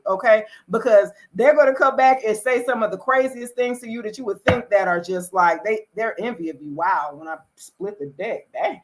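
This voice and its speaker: A woman hosting a casual live tarot reading, greeting viewers by name and swinging between loud exclamations and low asides. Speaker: tarot reader hosting a livestream.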